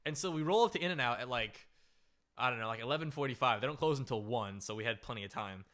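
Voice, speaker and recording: A man hosting a comedy podcast, telling a story in a loose, animated way with lots of "like" and "right?". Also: mid-range voice, fast. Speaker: podcast host.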